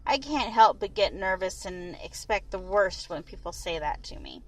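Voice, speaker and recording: A woman reading a first-person novel aloud in an expressive, lively way. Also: mid-range voice, normal speed, few pauses, poor audio. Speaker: audiobook reader.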